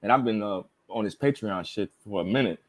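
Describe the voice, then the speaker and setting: A man joining a casual podcast chat, speaking loosely with drawn-out fillers. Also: fairly low pitch.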